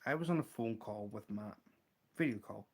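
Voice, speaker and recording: A man with a Scottish accent hosting a casual livestream, showing fly-tying materials and telling an animated story, laughing often. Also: on the low side, moderate pace, breathy edge. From Scotland. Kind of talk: casual livestream chat and anecdote.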